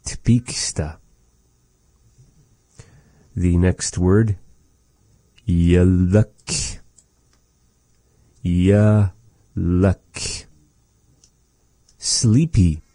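A man teaching vocabulary in a casual lesson, repeating each word slowly with chatty asides. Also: deep voice, mellow, dry recording. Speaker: language teacher.

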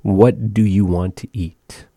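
A man hosting a community radio show, teaching phrases of the day with slow, careful repetition. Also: fairly low pitch, steady tone, warm tone, slight background noise. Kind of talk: casual radio talk with language lesson. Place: radio studio.

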